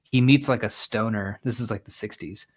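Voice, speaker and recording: A man with a mid-pitched voice talks about a book he likes in a casual podcast chat. He sounds relaxed and easy. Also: normal speed. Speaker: podcast guest.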